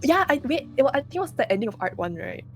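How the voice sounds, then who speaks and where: A woman streamer co-hosting a live reading, excitable and quick to swear, chatting and reading a document aloud. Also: sits high, loud music behind the voice. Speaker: streamer co-host. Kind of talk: casual chat and document reading.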